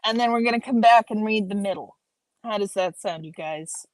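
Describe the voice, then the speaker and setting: A woman's voice: medium pitch, moderate pace, no echo, poor audio. A woman hosting a live stream, reading an academic paper aloud and breaking off to chat with her viewers. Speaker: livestream host reading aloud.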